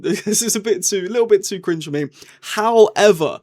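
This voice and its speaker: Brief: young man, reviewer type, slightly higher voice, rambling and chatty, casual review monologue. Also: moderate pace. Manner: chatty and rambling, with lively swings in tone.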